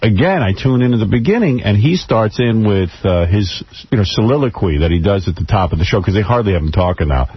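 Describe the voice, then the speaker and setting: A man's voice: on the low side, animated, quick pace, hardly any pauses, slightly rough, dry recording. A man hosting a talk radio show in casual, mocking banter. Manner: mocking, does exaggerated voices of people. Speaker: radio host. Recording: dull lo-fi radio broadcast.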